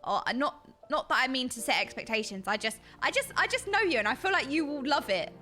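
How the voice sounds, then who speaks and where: Bright, chatty British woman streamer; excitable, talks to chat over faint music. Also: sits high, fast talker. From Britain. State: dry throat. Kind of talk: casual chat with live stream chat. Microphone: desk mic.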